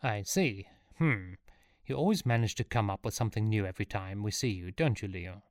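A put-upon nobleman speaks pompously in a low voice, forever exasperated, voiced by a man telling the story. The recording is close and dry. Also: fairly quick, dry recording, lightly acted.

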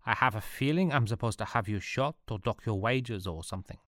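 A man voicing an eccentric male Prussian artillery officer who speaks in a brisk, deadpan way. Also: on the low side, dry recording, clean studio sound, close to an everyday voice. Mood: interrogating.

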